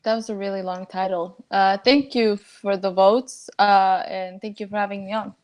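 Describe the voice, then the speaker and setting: A woman guest on a casual podcast who speaks briefly and politely. She sits at a middle pitch for a woman. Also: fairly even intonation, moderate pace.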